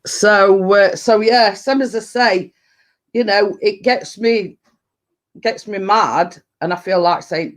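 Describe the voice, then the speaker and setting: Rambling deep-voiced Yorkshire woman. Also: slow. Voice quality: a bit deep. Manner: rambling, full of fillers and restarts. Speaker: livestream host. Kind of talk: casual live chat.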